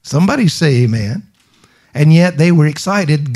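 Emphatic preacher with a higher voice. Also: male voice, animated, normal speed, a little mellow. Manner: emphatic preaching with call-and-response to the congregation; rhetorical questions and repetition. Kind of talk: sermon.

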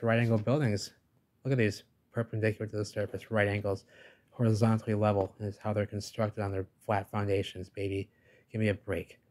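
A man's voice: lowish voice, darkish tone. A man narrating over pictures in a rambling way, often tacking on "baby" and "give me a break," and he says he is losing his voice. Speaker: video host.

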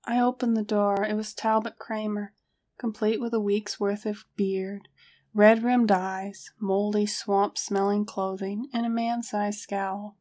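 A woman reading a first-person story aloud as a narrator, steady storytelling. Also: medium pitch, measured pace. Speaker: audiobook narrator.

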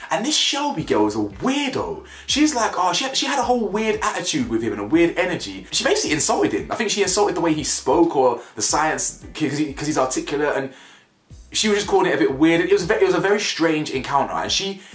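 A young British man giving blunt, slangy commentary on a reality show, animated and laughing at his own jokes. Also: a little high, fast talker. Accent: British, with urban slang. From United Kingdom. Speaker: reality TV reviewer. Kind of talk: casual opinionated commentary. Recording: roomy echo, faint music behind.

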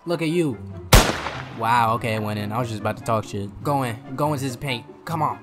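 A man's voice: brisk, music in the background. Trash-talking hyped gamer guy. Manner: trash-talking, swings from loud hyped outbursts to low mutters. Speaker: gaming streamer. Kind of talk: live gameplay commentary.

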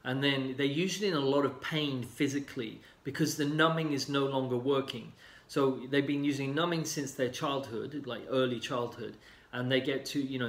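A man in casual talk, explaining calmly with many fillers and sometimes acting out other people's lines. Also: mid-range voice, creaky. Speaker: healing coach. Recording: roomy echo.

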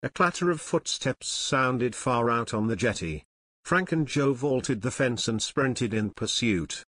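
A man reading a novel aloud as an audiobook narrator, steady and measured. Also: medium pitch, dry recording, studio quality. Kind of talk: scripted narration.

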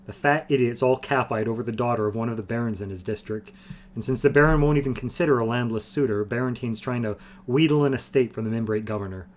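A man's voice: mid-range voice, fast, a little hiss or hum, natural voice. A man voicing a scornful, hot-tempered young male noble in a fantasy audiobook reading. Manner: scornful, raging.

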